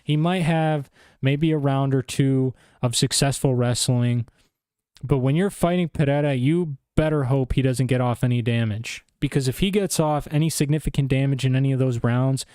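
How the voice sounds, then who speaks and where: A man's voice: mid-range voice, normal speed, mellow, smooth, dry recording, clean studio sound. A young man ranting casually about fight cards, exasperated and incredulous, dropping "bro" often. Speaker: MMA commentator. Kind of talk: casual opinion rant.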